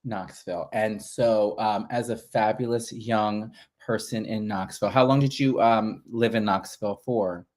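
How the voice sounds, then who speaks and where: A man's voice: on the low side, fairly even intonation, a little slow, hardly any pauses, a little mellow. A man hosting a livestream interview, flamboyant and gushing with compliments for his guest, talking over a video call. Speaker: podcast host.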